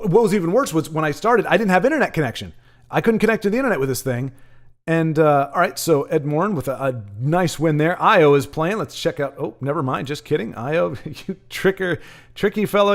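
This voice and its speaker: A man with a slightly high voice hosts a live card-game stream. He rambles through a rant about his gadgets, then drifts into loose commentary on the match and chats with his viewers. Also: fairly quick. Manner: rambling, ranting, animated asides to chat. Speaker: stream host and caster. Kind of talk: casual livestream chat and game commentary.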